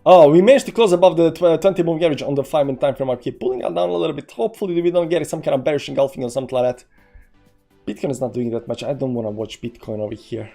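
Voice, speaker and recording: A man's voice: a little high, fast talker, creaky, soft background music. A man live-streaming his crypto trades, moaning in despair at losses and cheering at gains, talking to his viewers. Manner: swings between groaning despair and excited cheering; dramatic, self-mocking, talks to chat. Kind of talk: live-stream commentary on a trading chart.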